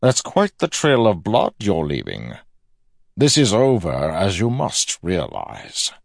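A man's voice: medium pitch, big pitch swings, slow pace, a little mellow, no echo, studio quality, voice pushed up. A man voicing a cold, scheming older male villain who talks down to his foe in a commanding, smugly threatening way. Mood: taunting.

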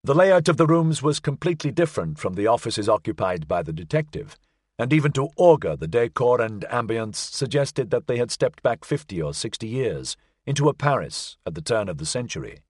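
A male narrator reading a novel with measured, expressive delivery and wide, lively swings in pitch. The sound is close and dry, with no room around it. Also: husky, no room sound. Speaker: audiobook narrator. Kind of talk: scripted narration.

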